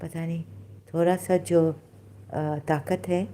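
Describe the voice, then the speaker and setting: Woman, low-pitched voice, halting delivery, emotional, switches between English and Hindi. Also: little pitch movement, dark tone. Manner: halting and emotional, searching for words. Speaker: ex-Muslim religious commentator. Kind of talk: emotional livestream talk answering questions.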